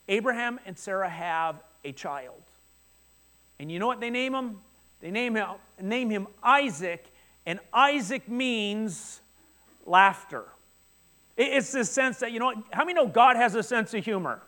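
A man with a notably high voice preaching a sermon. He retells the scripture story in a loose, conversational way, with quick asides, and often stumbles over repeated words at the start of sentences. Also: sharp tone. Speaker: pastor.

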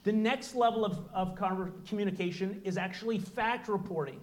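A man's voice: sits high, a little fast. A man giving an earnest, explanatory talk to a live audience in a room, now and then acting out short bits of dialogue. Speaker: presenter.

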